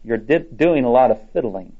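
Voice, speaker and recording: A man's voice: medium pitch, lively intonation, normal speed, lightly acted. A man reading the part of a doubtful female angel in a storytelling tone. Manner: read aloud in a storytelling tone. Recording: dull lo-fi recording.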